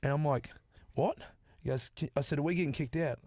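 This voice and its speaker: A man's voice: on the high side, fairly quick, darkish tone, dry recording, clean studio sound. An Australian man telling a long story in casual podcast chat, swearing freely and acting out the people in it. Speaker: podcast guest.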